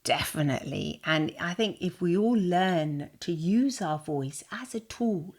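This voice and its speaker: A woman's voice: on the low side, expressive, a little slow. A woman co-hosting a casual chat, talking with lots of fillers and laughing often. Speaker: podcast co-host.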